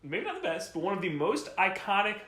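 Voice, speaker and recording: A man's voice: high voice, big pitch swings, fairly quick, reverberant, crowd noise. A man co-hosting a podcast in casual chat, rambling through stories and laughing often. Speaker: podcast co-host. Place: home during a power outage.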